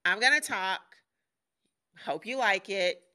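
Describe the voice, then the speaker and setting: A woman's voice: medium pitch, expressive, takes it slowly, sharp tone. Chatty, candid woman hosting a podcast. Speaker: podcast host. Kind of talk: casual solo podcast monologue.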